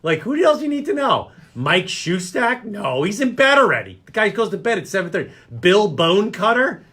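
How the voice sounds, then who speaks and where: A man's voice: high-pitched, big pitch swings, normal speed, bright, forceful tone. A man hosting a local radio talk show, joking and rambling. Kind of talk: casual chat show banter.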